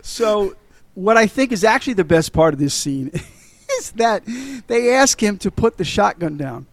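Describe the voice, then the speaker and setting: A middle-aged man chatting on a podcast, retelling scenes with plenty of laughter and swearing. His voice sits a little high. The sound is dry and close, with no room around it. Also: very animated, moderate pace, dry recording. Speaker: podcast co-host. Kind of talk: casual movie chat.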